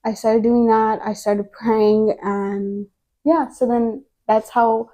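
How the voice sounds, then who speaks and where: A woman's voice: a little high, fairly even intonation, slow, dark tone. A young woman giving a personal faith testimony as a podcast guest, telling it earnestly in a rambling way full of filler words.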